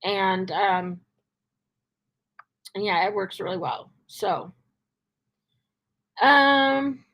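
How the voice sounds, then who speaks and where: A woman's voice: medium pitch, lively intonation, drawn-out words, a bit bright. A woman dog trainer answering questions in a live Q&A, chatty, with many fillers, acting out cheerful cues. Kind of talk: live Q&A advice.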